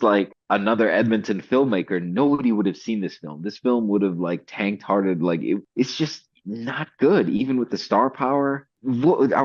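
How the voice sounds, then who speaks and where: A man's voice: fairly low pitch, muffled recording. A man co-hosting a casual movie review chat, talking emphatically with indignant rhetorical questions.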